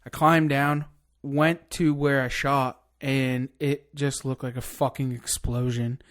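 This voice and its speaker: A man telling a long hunting story in casual podcast chat, excited and cursing freely. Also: medium pitch, takes it slowly. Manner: excited, swears a lot, rambling hunting story. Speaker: podcast guest.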